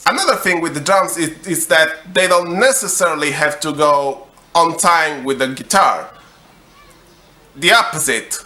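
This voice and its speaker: A young man gives a comedic music tutorial, taking his time over each step in a slow, deadpan delivery. His voice is bright and sits a little high for a man. A faint hiss runs under the recording. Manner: slow, deadpan, deliberate explanations.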